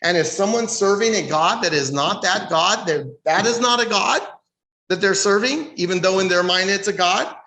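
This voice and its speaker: An American man teaches a Bible study like a sermon, emphatic and fond of rhetorical questions. His voice sits high for a man. It echoes around a roomy church hall. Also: moderate pace, pushed and bright. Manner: emphatic, reads scripture aloud and asks rhetorical questions. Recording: echoey room.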